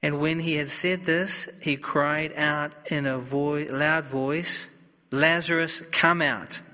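A male priest reading the Gospel and preaching in a slow, solemn, deliberate way. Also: fairly high pitch, pushed and bright, in a large hall.

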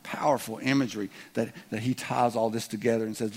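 A man preaching a sermon in a conversational way, with joking asides and loud acted outbursts. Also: medium pitch, fairly even intonation, fairly quick, hardly any pauses, breathy edge. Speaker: pastor.

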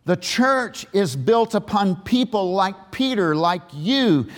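A man's voice: sits high, animated, slow. A male pastor, preaching a sermon and telling a story, with emphatic questions to the congregation. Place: large church sanctuary. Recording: reverberant church hall.

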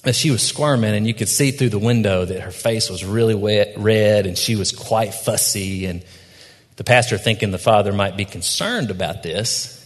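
A man preaching a sermon, telling a story gently and reflectively. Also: on the low side, moderate pace. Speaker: pastor. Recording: long hall reverb.

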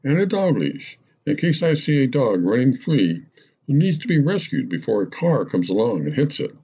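Man reading as a chatty middle-aged lady, lively husky delivery, rambling list. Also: mid-range voice, moderate pace, muffled recording. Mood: playful. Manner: rambling, breathless list-making. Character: chatty middle-aged woman listing her purse contents. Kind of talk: storytelling narration.

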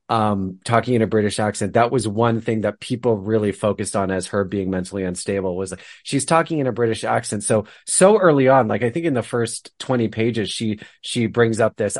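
A man co-hosting a podcast, discussing a book in a thoughtful, hesitant way with frequent pauses. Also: fairly low pitch, darkish tone, no room sound, clean studio sound. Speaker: podcast co-host.

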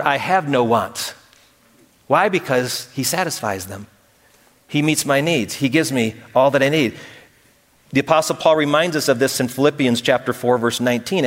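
A pastor delivering a sermon, a man with a somewhat raised pitch. He preaches earnestly, pressing his points with rising emphasis and the odd light joke. His voice carries a long reverb, as if filling a large hall. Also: a bit bright.

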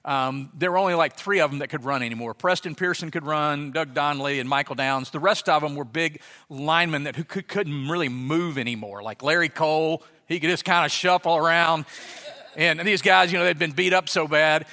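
A man's voice: fairly high pitch, brisk. A middle-aged man preaching a sermon, telling a story and acting out the voices in it. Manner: animated, acts out voices in anecdotes. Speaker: pastor. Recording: long hall reverb.

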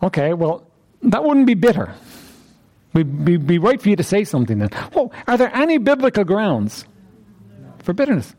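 A man's voice: high-pitched, very animated, moderate pace, pauses often, a little mellow. A man preaching an interactive sermon, repeatedly questioning his listeners with emphasis.

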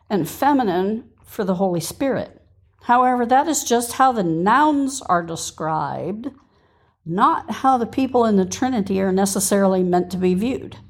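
A woman's voice: mid-range voice, slightly rough. A woman hosting a podcast and teaching scripture in an earnest way, reading verses aloud and stopping to give reference numbers.

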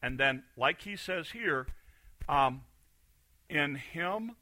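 A man preaches a sermon in a church with a very bright, slightly high voice, recorded close and dry. He is animated, acts out the voices he quotes, and swings from quiet to loud. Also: extremely slow, pauses often, no room sound. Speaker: pastor. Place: church sanctuary.

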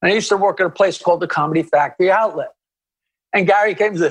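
A male comedian talks as an interview guest, spinning long stories with restarts and asides. His voice sits high for a man. He keeps an animated, tumbling storytelling flow. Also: fast, breathy edge.

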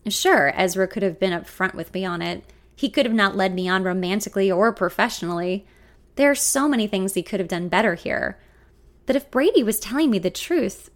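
A woman reading a first-person story in a confiding, introspective way. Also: mid-range voice. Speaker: narrator.

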